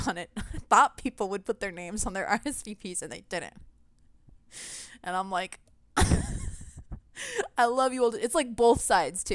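Young woman, casual vlog rant, animated and laughing, mid-pitched, dry close sound. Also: no echo. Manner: animated venting, frequent laughter. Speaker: gaming vlogger.

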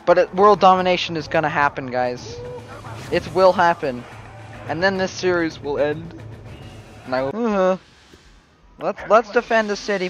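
Excitable young-sounding gamer man yelling bursts. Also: on the high side, slight background noise. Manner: excitable, swings between mumbling and sudden yells. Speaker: gaming channel host. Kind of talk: let's play commentary.

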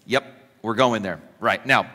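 In a church with long hall reverb, a man preaches as pastor in a fairly low, sharp-toned voice at a measured pace. He acts out quoted voices, throws in humorous asides, and jokes with the congregation.

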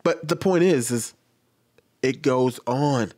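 A young man talks in an exasperated, lecturing way, pleading with his listeners again and again. His voice sits at an ordinary middle pitch. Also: slow, darkish tone. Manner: lecturing, exasperated, with repeated pleas. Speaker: commentator. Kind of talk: reaction commentary.

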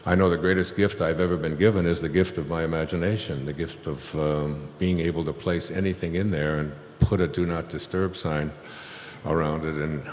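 Deep-voiced man in an echoey hall. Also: darkish tone, slight background noise. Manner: rambling, with many fillers and chuckles. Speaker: speaker on stage. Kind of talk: spiritual talk, storytelling. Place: hall with an audience.

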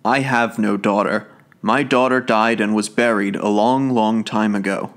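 A man's voice: on the low side, fairly even intonation, unhurried, fairly bright tone. A man voicing a sorrowful old mother recalling her lost daughter in a wavering tone.

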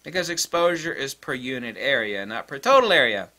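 A man's voice: mid-range voice, big pitch swings, a little fast, sharp tone. A middle-aged man hosting a photography channel, talking bluntly and emphatically, repeating key points as he rants. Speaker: photography video host. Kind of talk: emphatic solo tech rant.

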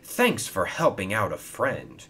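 A man voicing an impatient, excitable young male steam engine in a storybook reading, with an eager, high-strung delivery. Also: measured pace, slightly rough, full character voice. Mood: giddy.

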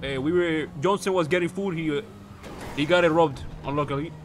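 Fast-talking brash man in character. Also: on the high side, slight background noise. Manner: brash banter mixing in Spanish exclamations. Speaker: police officer in a role-play server. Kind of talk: in-character game role-play.

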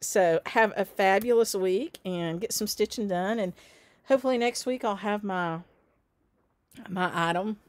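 A woman's voice: medium pitch, a little slow, no echo. A woman who runs a stitching shop, chatting casually and cheerfully with viewers on her weekly show, with lots of fillers and frequent laughs. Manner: chatty and upbeat, many fillers, laughs often. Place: indoors at home.

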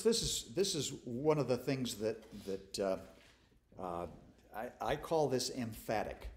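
Speaking in a mid-range voice, this man pastors a Bible study and preaches conversationally and informally, poking fun at himself. He frequently stumbles and starts over.

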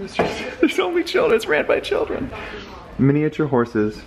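A man chatting casually in a travel vlog on a handheld camera, excitable and jumping to high squeals when delighted. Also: a little fast, noisy background. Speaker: vlogger. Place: on a day trip, in a car then indoors and at a farm. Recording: loud music over the audio.

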